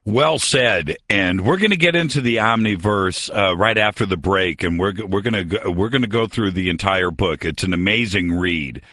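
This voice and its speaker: A man's voice: deep voice, moderate pace, hardly any pauses, pushed and bright, no room sound. A man hosting an interview, asking eager, admiring questions. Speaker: interview host. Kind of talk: radio interview.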